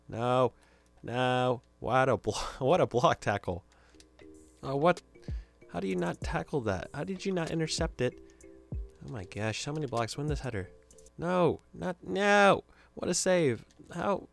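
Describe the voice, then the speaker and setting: Young man, gaming commentary, excitable, jokey, mid-pitched voice, soft music in background. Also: gravelly. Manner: excitable, jokey, reacts loudly to plays. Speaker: gaming YouTuber. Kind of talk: casual video game commentary.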